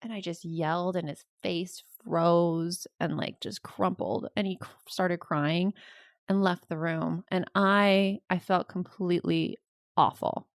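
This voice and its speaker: A mother co-hosting a casual parenting podcast, telling stories with lively acted-out outbursts. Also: lowish voice, unhurried, dry recording, clean studio sound. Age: adult mother. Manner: animated storyteller, acts out raised voices. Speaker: podcast co-host.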